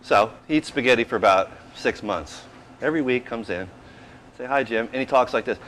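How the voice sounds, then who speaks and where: A restaurant owner in his fifties talks shop in an easy, anecdotal manner, his voice sitting at an ordinary middle pitch. He tells stories with energy and acts out small quotes. A faint background ambience runs underneath. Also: brisk, slight background noise, low-quality recording. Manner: animated anecdotal, plays out quotes. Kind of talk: casual storytelling interview.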